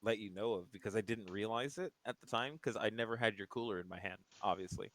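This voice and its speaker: A man's voice: fairly low pitch, quick pace, fairly bright tone. A man co-hosting a podcast, chatting casually and reacting with the odd curse. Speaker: podcast co-host. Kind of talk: casual chat.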